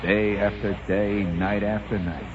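A man's voice: lowish voice, steady tone, unhurried, muffled recording, noisy background. A man from the Midwest telling a rambling, folksy radio monologue with mock-grand asides. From American Midwest, Indiana.

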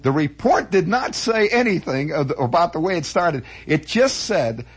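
Male comic monologist, high voice with a husky edge, animated delivery full of sound effects. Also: moderate pace, few pauses. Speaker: storyteller.

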